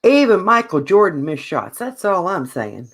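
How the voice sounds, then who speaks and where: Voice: medium pitch, very animated, moderate pace, fairly bright tone. A podcast co-host, ranting with strong opinions in casual sports chat.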